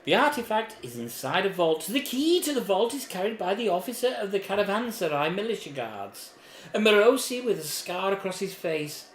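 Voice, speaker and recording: A man's voice: high voice, sing-song, moderate pace, voice pushed up. A man reading out a mysterious, disembodied female voice in a board game, with a grave, formal delivery. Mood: pleased. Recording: echoey room.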